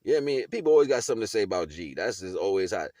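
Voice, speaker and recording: A man's voice: lowish voice, sing-song, rapid-fire, dark tone, dry recording, clean studio sound. A man giving a casual motivational monologue in street slang, laughing often and checking in with his listener as he talks. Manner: street slang, keeps asking "you know what I'm saying"; laughs often while talking. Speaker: video blogger.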